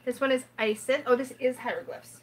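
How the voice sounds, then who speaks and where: A woman's voice: sits high, steady tone, fairly quick, a crowd in the background, rough recording. A woman hosting a casual livestream, chatting in a rambling way and reading out viewer comments. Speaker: tarot livestream host.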